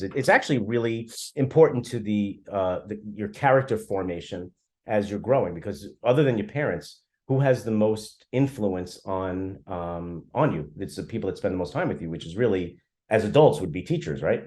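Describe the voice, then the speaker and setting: A man's voice: on the low side, expressive, brisk, a little mellow. A man co-hosting a podcast in casual chat, blunt and teasing as he tells stories. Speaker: podcast co-host.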